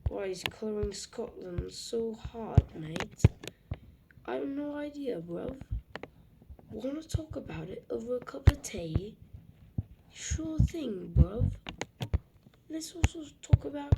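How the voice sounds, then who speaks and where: A woman's voice: on the high side, animated, takes it slowly, vocal fry, long pauses, full character voice. A woman putting on a chummy, slangy British bloke who loves his tea. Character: cheeky stereotyped British bloke, tea-loving. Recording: loud background noise.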